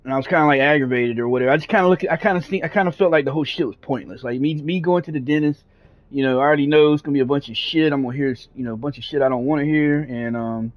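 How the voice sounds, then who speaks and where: A man's voice: fairly high pitch, racing. A man streaming a game who tells a long story in casual talk, rambling with lots of fillers and swearing. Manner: rambling, profane, frequent fillers. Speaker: gaming streamer. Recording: dull lo-fi sound.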